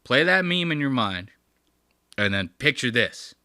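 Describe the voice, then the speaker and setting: A man hosting a casual live stream, mocking a clip with crude, animated commentary. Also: mid-range voice, measured pace. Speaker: host.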